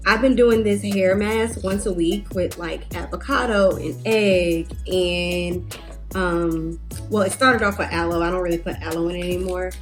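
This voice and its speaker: Young woman vlogger, chatty and rambling, casual hair-tutorial chat, light music behind. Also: fairly low pitch. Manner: chatty, rambling with fillers and asides. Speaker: beauty vlogger. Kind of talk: casual chat while doing her hair.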